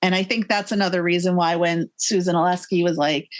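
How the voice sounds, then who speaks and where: A woman's voice: on the low side, steady tone, brisk. A woman in her forties, a guest author in a casual podcast interview, talking with enthusiasm, many fillers and little acted-out quotes. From Massachusetts.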